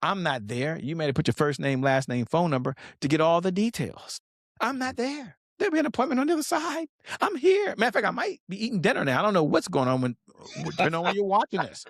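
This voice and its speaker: A man teaches sales to business owners with lots of energy, asking the listener questions and driving points home. His voice sits fairly high for a man and moves around a lot in pitch. The recording is dry and close, with no room sound. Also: lively intonation, quick pace, no room sound. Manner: emphatic, repeats "okay?", direct address to viewers. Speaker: business coach guest.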